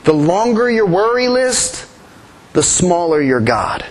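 A man's voice: sits high, very animated, takes it slowly, rough recording. A man preaching a sermon in an earnest way, often repeating his key phrases. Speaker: pastor.

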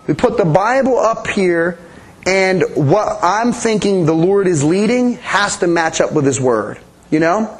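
A man with a notably high voice teaches a sermon in a conversational way. He keeps asking his congregation questions and approving their answers, with lively emphasis. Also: rough recording. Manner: animated emphasis, playful sound effects. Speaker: pastor.

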